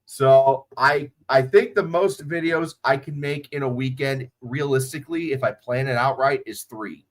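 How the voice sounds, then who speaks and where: A man's voice: mid-range voice, moderate pace. A man hosting a livestream, chatting casually and swearing freely, recorded on a phone. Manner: profane, off-the-cuff, chatty. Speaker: livestream host.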